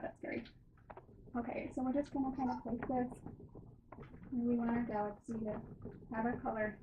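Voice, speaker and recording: Woman art tutor, rambly and self-deprecating, recorded by a camera mic in an echoey room. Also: on the high side. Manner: rambling and self-mocking, with many fillers. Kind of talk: casual painting tutorial. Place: room at home. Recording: roomy, dull recording with background noise.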